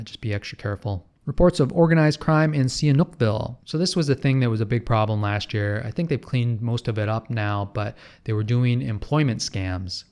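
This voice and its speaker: A man's voice: on the low side, darkish tone. A man from Canada with a Canadian accent, talking in a casual, chatty vlog style with sarcastic asides. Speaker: travel vlogger.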